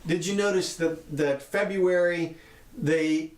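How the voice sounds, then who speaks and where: A man co-hosting a casual political chat show, animated and sarcastic, talking in quick bursts. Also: a little high. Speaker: co-host. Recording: roomy echo.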